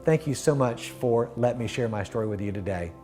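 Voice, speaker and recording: A middle-aged man telling his personal faith testimony in an earnest, heartfelt way, often dropping to a soft hush at the end of a thought. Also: mid-range voice, a little fast, faint music behind. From Florida. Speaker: guest sharing his testimony.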